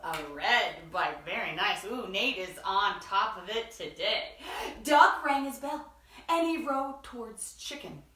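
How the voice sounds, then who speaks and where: A teacher reading a picture book aloud, expressive and asking her listeners questions. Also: mid-range voice, takes it slowly, echoey room, recorded from a distance. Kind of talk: storybook read-aloud.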